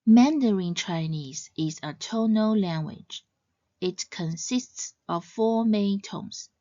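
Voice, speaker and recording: A woman giving a scripted educational narration as a language teacher, in a measured, clearly explaining way. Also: mid-range voice, dark tone, no echo, dull audio.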